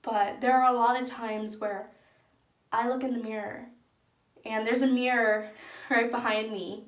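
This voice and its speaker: A woman's voice: a little high, fairly even intonation, unhurried. A young woman talking openly and earnestly to camera in a personal vlog. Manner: earnest, open and soft-spoken. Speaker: vlogger. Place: echoey room at home. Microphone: camera in front of speaker. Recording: echoey room.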